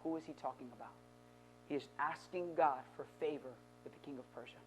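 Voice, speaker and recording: A male pastor delivering a sermon, moving from quiet, low passages to loud, building exhortation. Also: a little fast, faint music behind. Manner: dynamic preaching, dropping low then building to shouts.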